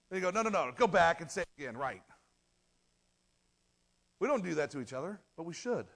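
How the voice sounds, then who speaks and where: A man's voice: fairly high pitch, animated, brisk, creaky, long pauses, fairly bright tone. Conversational man preaching a sermon. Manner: conversational, acts out quoted voices, laughs at own jokes. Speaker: pastor.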